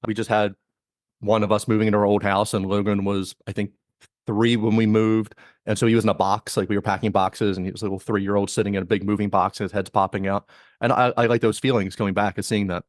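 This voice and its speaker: A man's voice: lowish voice, level tone, fast, dry recording, clean studio sound. A man co-hosting a podcast in casual chat, joking and acting out mock quotes. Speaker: podcast co-host.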